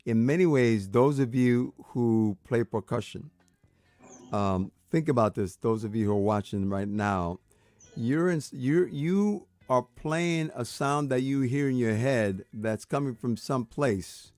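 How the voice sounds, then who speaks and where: A man's voice: medium pitch, unhurried, darkish tone, no echo, soft background music. A man hosting an interview, reflecting and explaining to his viewers. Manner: reflective, explains, switches into Spanish. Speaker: host. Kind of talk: interview commentary.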